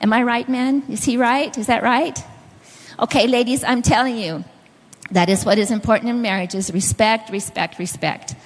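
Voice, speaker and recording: A middle-aged woman delivers a sermon with a slightly high voice, carried by the long reverb of a large hall. She tells personal stories and turns to the congregation with questions and instructions. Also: moderate pace. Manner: storytelling, directly addressing the audience. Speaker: preacher.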